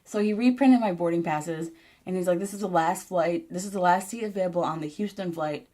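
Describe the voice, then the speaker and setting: Profane rambling young woman, lowish voice. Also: brisk, mellow. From Michigan, US. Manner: frustrated, profane, rambling with many "like"s. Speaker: vlogger. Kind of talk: casual storytime vlog.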